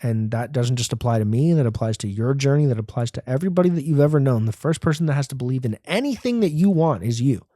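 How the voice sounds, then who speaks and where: A man's voice: medium pitch, expressive, quick pace, few pauses, mellow, no echo, clean studio sound. A man, a comedian hosting his own podcast, rambling through a profane, self-mocking solo rant.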